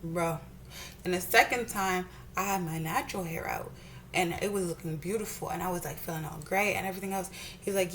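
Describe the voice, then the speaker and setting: With a mid-range voice that moves a little fast, a young beauty vlogger does her makeup at home while ranting angrily, swearing and repeating herself often. Slight background noise is audible.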